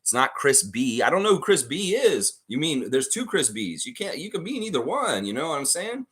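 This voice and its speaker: A man's voice: fairly high pitch, big pitch swings, a little fast, a bit bright. A man hosting a live trivia stream, reading out questions and answering the chat as he goes.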